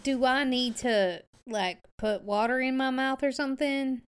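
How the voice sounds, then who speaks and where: A woman's voice: high-pitched, fairly even intonation, unhurried, clean tone. Stammering, apologetic woman player. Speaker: tabletop game player. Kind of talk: playing a tabletop game.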